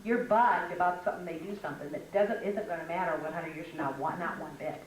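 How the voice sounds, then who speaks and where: A woman's voice: on the low side, quick pace, recorded from a distance, a little hiss or hum. An older woman giving a chatty, humorous teaching talk to women, full of stories. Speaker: speaker at a women's conference. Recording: echoey hall, mic from afar.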